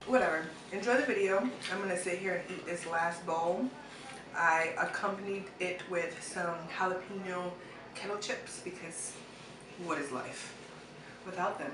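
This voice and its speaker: A woman's voice: lowish voice, moderate pace. A woman chatting loosely on camera at home, heavy on fillers and slang. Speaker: cooking vlogger. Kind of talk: casual on-camera chat. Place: home, eating soup. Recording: echoey room with background noise.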